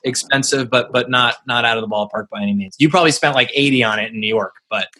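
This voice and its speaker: A man hosting a casual podcast, talking in a halting way with lots of fillers and restarts. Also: mid-range voice, sharp tone. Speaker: podcast host.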